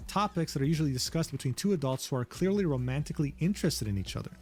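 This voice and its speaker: A man reading a narration aloud in a steady way, quoting text messages from screenshots. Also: fairly high pitch, racing, faint music behind. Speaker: narrator of a drama video.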